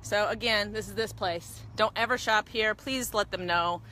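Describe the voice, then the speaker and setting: A woman's voice: mid-range voice, normal speed, pushed and bright, a little hiss or hum. A woman filming a confrontation on her phone in an outdoor parking lot, shaken and pleading. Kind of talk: phone video rant. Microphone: handheld phone.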